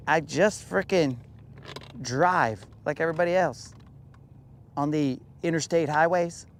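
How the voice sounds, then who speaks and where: A young man from New Mexico, talking casually and joking while bass fishing from a boat on a lake. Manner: laid-back, jokey, drawn-out playful lines. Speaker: fishing vlogger.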